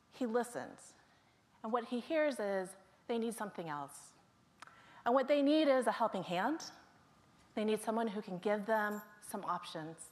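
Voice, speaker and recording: A woman speaking to her colleagues at a staff meeting, telling the stories of coworkers one by one in a storytelling manner. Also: fairly high pitch. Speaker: staff member presenting to colleagues.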